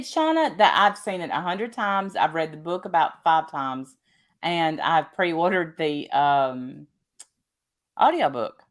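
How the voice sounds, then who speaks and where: A woman co-hosting a casual livestream, chatting and rambling to viewers. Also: on the low side. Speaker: livestream co-host.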